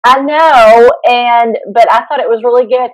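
A woman's voice: a little high, normal speed, no room sound, low-quality recording. A woman co-hosting a podcast as a school counselor, chatting casually, laughing and rambling with restarts.

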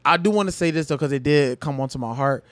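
A young man co-hosting a casual faith podcast, animated and repeating phrases for emphasis. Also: on the high side, fast, no echo. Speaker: podcast co-host.

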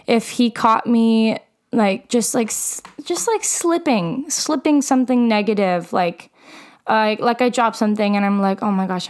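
A woman's voice: a little high, smooth. A young woman in her late teens speaking candidly and earnestly about her own struggles, with frequent "like" fillers. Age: young adult. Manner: candid and heartfelt, many fillers like "like". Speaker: mental health vlogger. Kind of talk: earnest personal talk to camera.

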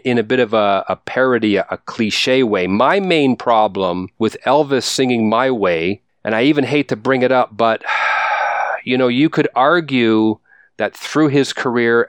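Middle-aged man, music commentary, emphatic, quick restarts, mid-pitched voice, dry close sound. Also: clean tone, no echo. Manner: talks fast with restarts, emphatic and animated.

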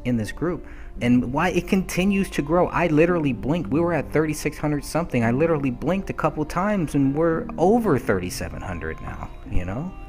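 A man's voice: mid-range voice, darkish tone. A man co-hosting a true-crime podcast, talking earnestly and emphatically, often repeating words as he starts a thought. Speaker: podcast co-host. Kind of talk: earnest discussion.

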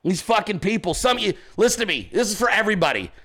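A man's voice: sits high, sing-song, fast talker, sharp tone. A man hosting his own show from a home desk, ranting in profane, combative, mocking commentary. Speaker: podcast host.

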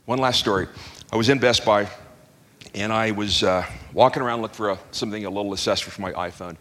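Before a congregation in a church hall with long reverb, a middle-aged pastor delivers a sermon as a folksy, chuckling storyteller who restarts his sentences, then leads a closing prayer. His voice is fairly low, fast, pushed and bright.

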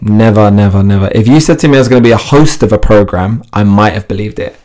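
Man, lowish voice, animated, laughs easily, restarts sentences, interview guest. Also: fast talker. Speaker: fitness TV presenter, interview guest. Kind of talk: casual interview chat.

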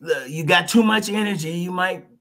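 A man guesting on a podcast, telling his story in a lively, folksy way and slipping into little voices. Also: high-pitched, moderate pace. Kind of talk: animated storytelling in conversation.

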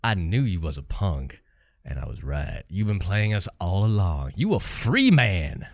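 A man playing a very deep, taunting street tough. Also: very animated, unhurried, no room sound, studio quality, heavily acted. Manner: blunt taunting delivery, no accent. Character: tough-talking male street hustler.

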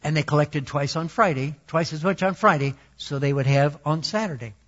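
Brief: male preacher, high voice, casual and self-deprecating, on a dull lo-fi recording. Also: a little fast, a bit bright. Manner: conversational, self-deprecating, laughing asides. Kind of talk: sermon.

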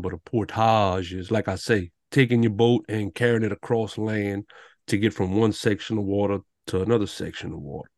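Man, Cajun accent, podcast co-host, relaxed joking drawl, dry close mic. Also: lowish voice, dry recording. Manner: laid-back, joking, drawling Southern speech. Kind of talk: casual chat.

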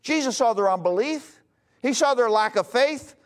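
High-voiced preaching man. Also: animated, moderate pace, clean tone. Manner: emphatic, shifts between loud calls and low hushed lines. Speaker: pastor. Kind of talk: sermon.

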